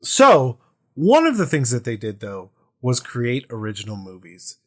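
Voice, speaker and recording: Male podcast co-host, animated pitch, playful storyteller, casual chat. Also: measured pace.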